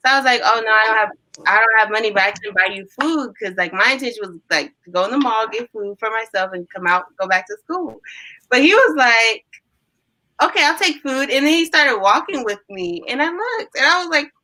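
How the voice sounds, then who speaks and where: Animated young woman telling stories. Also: on the high side, a little fast, poor audio. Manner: animated storyteller, acts out quotes. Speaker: guest. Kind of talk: casual storytelling chat.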